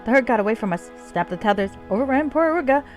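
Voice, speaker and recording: A woman's voice: fairly high pitch, lively intonation, quick pace, faint music behind, voice pushed up, natural voice. A woman reading aloud the lines of a panicked male herder begging for help. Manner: frantic, shouting.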